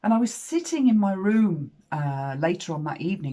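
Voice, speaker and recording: Husky, frank woman in her fifties. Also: fairly low pitch, very animated, moderate pace. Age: 50s. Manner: frank and swearing, with emphatic swings in loudness. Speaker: storyteller. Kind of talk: spoken personal story.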